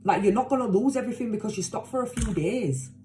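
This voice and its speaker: A woman's voice: on the high side, expressive, fast talker, warm tone, a little hiss or hum. A woman giving a casual tarot reading to her viewers, talking emphatically and bluntly, swearing, repeating herself and caring. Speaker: tarot reader.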